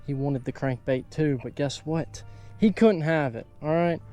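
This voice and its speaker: A young man hosting a casual fishing vlog outdoors from a lake bank, excitable and hyped up when he hooks fish. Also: a little high, unhurried, faint music behind. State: out of breath. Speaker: fishing channel host.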